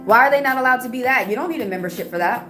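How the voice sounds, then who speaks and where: Young female streamer, heated and confrontational, somewhat high voice, music playing under her. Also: expressive, roomy sound. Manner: confrontational, rapid-fire rhetorical questions. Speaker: livestream host. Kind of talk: heated casual livestream rant. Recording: music playing clearly behind.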